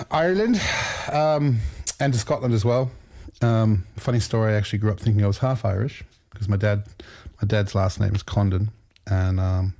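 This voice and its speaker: A man's voice: mid-range voice, a little mellow. Laid-back man chatting on a livestream. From Australia. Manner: joking, laughs often, rambling stories. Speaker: livestream host. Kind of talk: casual livestream chat.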